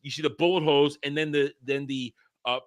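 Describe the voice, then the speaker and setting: A man's voice: a little high, steady tone, fairly quick. A man hosting a casual film discussion, rambling and stumbling over words as he laughs along. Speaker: podcast host.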